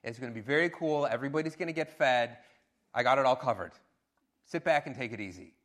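A male preacher voicing an imagined, overconfident Jesus in a quick, casual, joking tone. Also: mid-range voice, a bit bright, voice pushed down, natural voice. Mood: breezy, reassuring.

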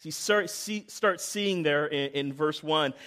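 High-voiced animated male preacher. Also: slow. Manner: animated, swings from hushed to loud. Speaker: pastor. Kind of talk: sermon with personal storytelling.

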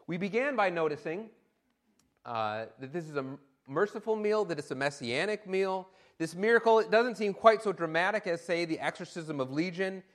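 A man preaching a sermon in an animated, emphatic way, with occasional fillers. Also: fairly high pitch.

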